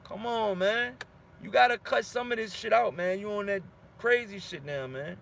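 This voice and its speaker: A male boxing channel host rants heatedly at viewer comments, fired-up and slangy, repeating himself for emphasis. His high voice is a bit bright with vocal fry, at normal speed. A little hiss or hum is in the background.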